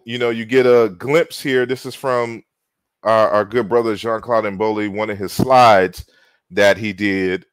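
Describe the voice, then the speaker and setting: A man teaching from slides in a slow, deliberate lecture, circling back with fillers and repeated words. His pace is leisurely. The recording is dry with no room echo. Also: fairly low pitch, clean tone.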